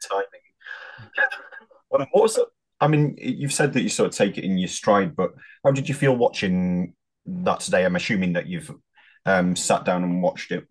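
Husky guy asking questions on a podcast, lowish voice. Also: moderate pace. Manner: asks the guest questions. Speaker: podcast co-host. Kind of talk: casual podcast chat.

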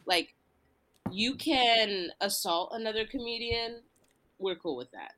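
A woman's voice: on the high side, slow pace, bright, forceful tone, a little hiss or hum. A woman from the Philadelphia area hosting a casual podcast chat, earnest and reflective, thinking aloud in long runs. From Delaware County, Philadelphia area. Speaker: podcast host and comedian.

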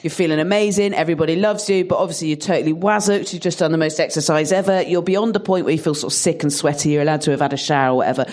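A woman's voice: deep voice, very fast, hardly any pauses. A woman comedian telling comic stories in a chat, laughing as she talks. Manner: animated, laughs through her stories.

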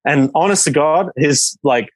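A professional hockey player from England, guesting on a podcast, tells a rambling story full of fillers. His voice is on the high side and unhurried, and the rough recording has no echo.

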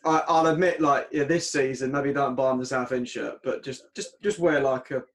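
A young man hosting a casual podcast chat, chatty and quick to laugh. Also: mid-range voice, steady tone. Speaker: podcast host.

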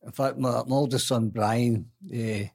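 An older Scottish man, a grandfather, talking casually in a halting, plain-spoken way. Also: medium pitch, steady tone, a little mellow. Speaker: podcast guest, grandfather. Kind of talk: casual chat.

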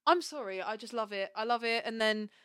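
Gushing excitable woman podcast co-host. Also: a little high, fairly quick, clear, resonant tone, no room sound, studio quality. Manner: gushing, excitable, acts out quotes. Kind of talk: casual chat.

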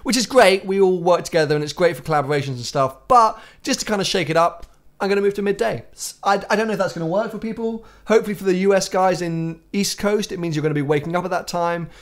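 Male host, chatty car-podcast talk, slightly high voice. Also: fast talker. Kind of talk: casual podcast chat.

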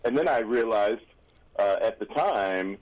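A man's voice: on the low side, lively intonation, measured pace, darkish tone, dull audio. A man chatting casually on a radio show, telling rambling anecdotes full of restarts and asides.

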